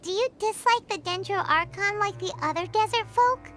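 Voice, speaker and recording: A woman's voice: very high voice, moderate pace. A woman voicing a small, curious fairy companion in a video game who refers to herself in the third person. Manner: bright, inquisitive, talks about herself in the third person. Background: game music.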